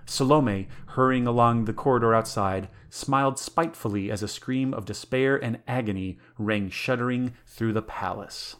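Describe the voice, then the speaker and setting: A man's voice: medium pitch, normal speed, few pauses. A man co-hosting a podcast, narrating a story aloud and then chatting enthusiastically and jokily. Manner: enthusiastic, jokey in chat. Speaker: podcast co-host reading aloud. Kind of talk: story narration and casual chat.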